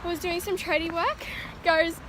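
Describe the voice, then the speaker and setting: A young woman in a casual vlog, telling stories outdoors in an animated, laughing way. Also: very high-pitched, a little slow. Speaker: vlogger. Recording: very noisy outdoor recording.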